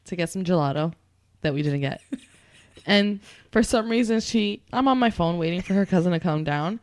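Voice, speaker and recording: A woman's voice: fairly low pitch, expressive, moderate pace, a little mellow. A woman co-hosting a podcast in casual chat, blunt and teasing, swearing freely. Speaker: podcast co-host.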